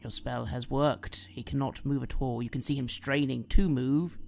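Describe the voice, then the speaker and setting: A game master with a gravelly, rough-edged voice narrating a tabletop game. The narration is descriptive and dramatic. Faint noise runs in the background. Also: mid-range voice, steady tone, moderate pace, a little mellow.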